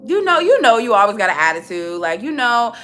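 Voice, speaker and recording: A woman's voice: fairly high pitch, very animated, a little fast, a bit bright, faint music behind. A woman mimicking a defensive, lying young ex-boyfriend who whines and plays innocent. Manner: whiny, evasive, feigning innocence.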